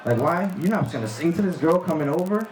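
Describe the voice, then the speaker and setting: Brief: male stand-up comic, slightly high voice, crude laughing delivery, echoey live room. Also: fast talker, a little hiss or hum. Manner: crude, animated storytelling with laughing asides. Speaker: stand-up comedian. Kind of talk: stand-up comedy set. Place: live comedy venue with audience. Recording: roomy live club recording with crowd.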